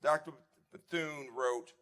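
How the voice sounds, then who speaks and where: A man in his seventies, a former dean, giving a reflective memorial tribute and reminiscing warmly with some restarts. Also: a little high, fairly even intonation, slow pace. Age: 70s. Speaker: eulogy speaker, former dean. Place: memorial service.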